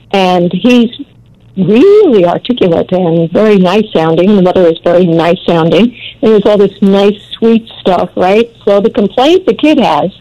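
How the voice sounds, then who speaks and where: A woman's voice: mid-range voice, mellow, low-quality recording. An older woman, a radio advice host, telling a story in a blunt, no-nonsense interview manner.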